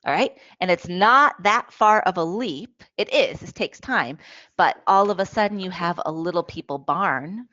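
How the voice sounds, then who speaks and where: A woman presenting on children's play in a lively, demonstrative way, often checking in with her listeners. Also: lowish voice, normal speed, dry recording. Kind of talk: webinar talk with toy demonstrations. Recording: dull, lo-fi, dry audio.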